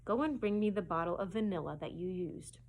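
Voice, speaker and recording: A woman voicing a stern, sharp-tongued older spinster guardian who scolds briskly. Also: fairly low pitch, lightly acted. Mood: scolding.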